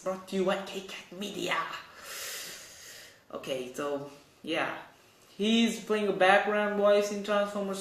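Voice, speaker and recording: Man, high voice, rambling news chat, self-correcting, echoey room. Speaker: host. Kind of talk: casual news commentary.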